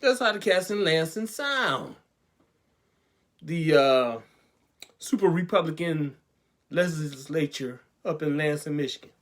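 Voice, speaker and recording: Sarcastic talk show host. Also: male voice, a little high. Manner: sarcastic, preachy, rhetorical questions. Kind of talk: call-in web talk show monologue.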